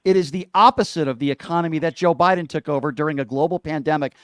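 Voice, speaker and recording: A man's voice: on the high side, quick pace, clean tone, no echo, studio quality. A man hosting a call-in radio talk show, emphatic and opinionated, often talking over his callers.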